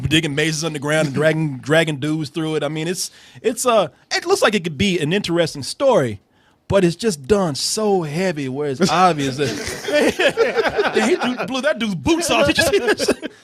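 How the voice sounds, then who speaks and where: A man hosting a casual movie trailer reaction, talking in a profane, animated way with frequent laughs and repeated words. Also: fairly high pitch, moderate pace, a little hiss or hum. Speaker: film reviewer host.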